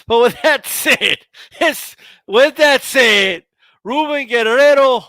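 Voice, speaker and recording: A man's voice: very high-pitched, slow pace, sharp tone, dry recording. A man co-hosting a boxing show, teasing his partner in casual comedic banter and saying "bro" constantly. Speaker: co-host.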